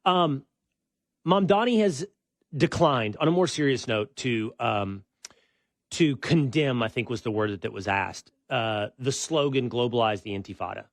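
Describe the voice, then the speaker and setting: A man's voice: medium pitch, measured pace, dry recording, studio quality. A man hosting an opinion talk show, making his case in a conversational, argumentative way. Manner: conversational, argumentative, animated when making a point.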